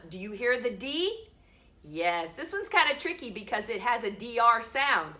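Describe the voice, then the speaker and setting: A middle-aged woman teaching a home preschool lesson, slowly sounding out letters for small children. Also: fairly high pitch, big pitch swings, sharp tone.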